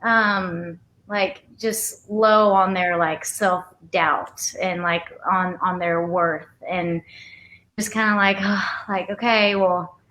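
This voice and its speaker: Soft-spoken young woman singer, bright tone. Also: medium pitch, steady tone, slow. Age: 20s. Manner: soft-spoken, rambling with many fillers. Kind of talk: casual live-stream chat.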